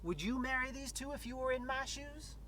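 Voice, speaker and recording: A man's voice: extremely high pitch, a little fast, sharp tone, slight background noise. An actor playing a guilty male priest in a game cutscene who talks in a folksy, wry, self-justifying way.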